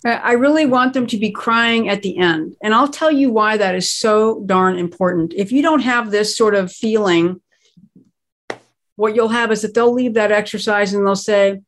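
A woman's voice: medium pitch, normal speed. A woman who is a guest expert, speaking in a conversational interview and explaining crisis planning emphatically, stressing her key words.

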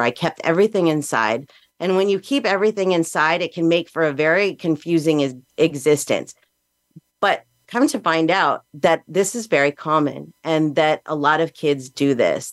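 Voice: medium pitch, no echo. A podcast host, an adult with children, giving a candid and reflective personal monologue in a plain-spoken, earnest way.

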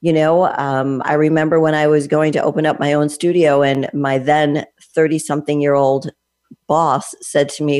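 A woman's voice: sits low, level tone, normal speed, darkish tone. Almost sixty-year-old woman hosting an interview. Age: 50s. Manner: thoughtful, talks in long winding sentences with restarts. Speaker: host; fitness trainer. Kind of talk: conversational interview.

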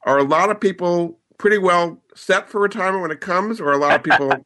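A man's voice: high-pitched, fast talker, pushed and bright. A man hosting a show, interviewing a guest with prompting questions. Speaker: radio show host.

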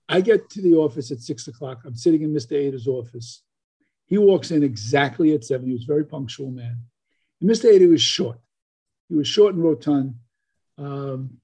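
An older man with a husky, mellow voice and a slightly high pitch. He spins an animated story as a podcast guest, stumbling through plenty of fillers and restarts.

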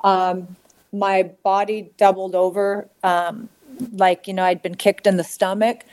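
A middle-aged woman telling a deeply personal story as a podcast guest. She speaks at an ordinary pitch, halting and restarting, and slips into acted voices for the people she quotes. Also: flat delivery, a little mellow.

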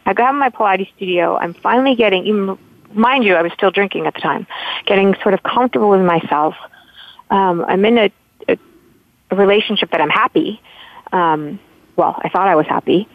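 A woman's voice: medium pitch, brisk, dry recording. A woman from Southern California, a guest calling in, telling her story in a heartfelt, rambling way with many restarts. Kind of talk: casual interview storytelling. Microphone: phone. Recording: tinny phone line, dry.

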